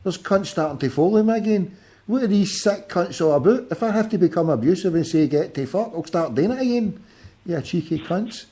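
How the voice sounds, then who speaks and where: A man's voice: sits high, expressive, a little fast, mellow. Sweary Glaswegian man in his forties. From Scotland. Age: 40s. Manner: sweary, combative banter. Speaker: podcast host. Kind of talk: casual call-in chat.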